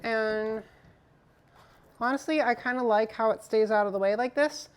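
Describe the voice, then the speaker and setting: A woman's voice: on the high side, moderate pace, smooth. A woman streaming live, chatting casually with her viewers as she builds a PC, swearing now and then. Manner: chatty, talks to chat while assembling a PC.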